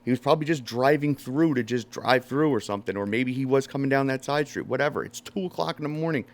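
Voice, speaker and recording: Speaking fast at medium pitch, a male podcast host spins a story in casual conversation. He curses freely and performs people's quotes loudly, telling it all with animation.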